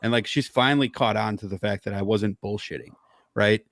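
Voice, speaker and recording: A man's voice: fairly low pitch, brisk, a bit bright, no room sound. A man on a podcast, telling a story in heated, profane casual chat.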